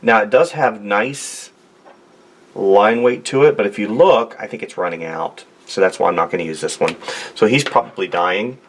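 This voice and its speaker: Low-voiced man chatting while he draws. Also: normal speed, a little hiss or hum. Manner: rambling, jokey, talks to himself while drawing. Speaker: artist. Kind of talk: casual drawing demonstration. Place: home studio desk.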